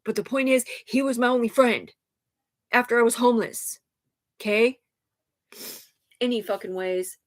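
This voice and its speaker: A woman's voice: a little high, normal speed, long pauses. A woman talking on a livestream in an agitated, rambling way, swearing a lot, restarting sentences and addressing her listener as sir, upset and sighing. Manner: agitated, profane, run-on talk with many restarts.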